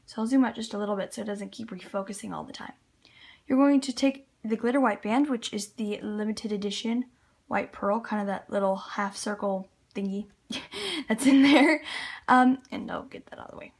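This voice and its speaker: This loom tutorial features a Canadian-accented woman whose medium-pitched, slightly rough voice moves at normal speed. She talks casually through each step of the craft with small laughs as she works, filmed by a camera on a tripod at the table.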